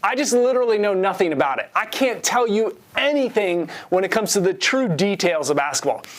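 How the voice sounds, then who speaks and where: A man in his forties preaching a sermon, telling a self-deprecating story in an animated way. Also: high-pitched, fairly quick. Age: 40s. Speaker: pastor.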